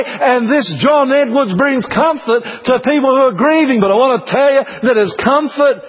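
A man's voice: sits high, slightly rough. A man preaching an impassioned, emphatic sermon in a church, repeating words for emphasis. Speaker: pastor. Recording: dull lo-fi broadcast recording.

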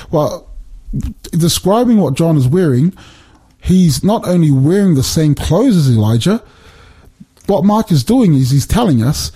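A man explaining Bible passages in a relaxed conversation, animated and emphatic, often repeating words as he builds his point. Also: on the high side, slightly rough. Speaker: Bible teacher.

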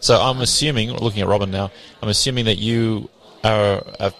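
A man's voice: on the low side, steady tone, fairly quick, fairly bright tone, low-quality recording. A man interviewing a guest, prompting him with short questions and follow-ups.

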